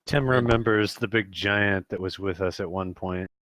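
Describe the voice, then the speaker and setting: A man's voice: low voice, moderate pace, a bit bright, no room sound. A man playing a tabletop game, joking and playful. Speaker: player.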